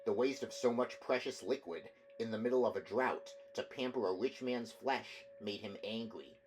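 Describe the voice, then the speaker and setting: A man reading a novel aloud as an audiobook, measured narration with occasional slips and restarts. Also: mid-range voice, darkish tone, faint music behind, rough recording. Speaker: audiobook reader.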